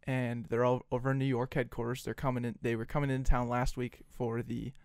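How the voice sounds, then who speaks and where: Young man telling a story, animated. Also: medium pitch, a little fast, no room sound, clean studio sound. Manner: animated storyteller, acts out phone calls. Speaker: podcast co-host. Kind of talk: casual storytelling chat.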